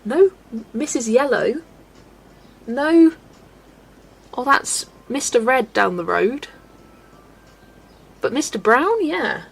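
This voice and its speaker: A woman with a high, husky and expressive voice hosts a colouring livestream, speaking slowly with vocal fry and frequent pauses. She chats casually, reads live comments and laughs often, over faint background noise.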